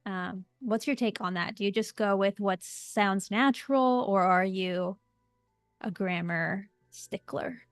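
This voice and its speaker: A woman's voice: mid-range voice, slow, no echo, studio quality, soft background music. A woman hosting a live stream, upbeat and encouraging, keeping time and asking the guest questions. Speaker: livestream host.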